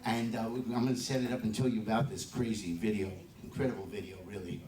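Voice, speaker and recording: A man's voice: fairly low pitch, steady tone, fast, a crowd in the background. A man in his seventies, a bandleader and drummer, telling chatty stories to a live audience and laughing often. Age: 70s. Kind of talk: on-stage storytelling to a live audience. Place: live music venue. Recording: echoey room, distant mic.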